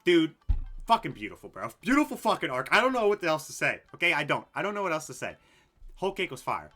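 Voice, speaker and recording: A young man casually ranking anime story arcs, excitable and rambling, swearing a lot and full of fillers. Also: fairly high pitch, fast, soft background music. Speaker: anime video host.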